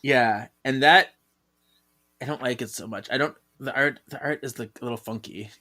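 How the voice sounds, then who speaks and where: A man's voice: mid-range voice, moderate pace, bright, forceful tone. A man co-hosting a podcast in casual chat, chatty and laughing often as he talks. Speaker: podcast co-host.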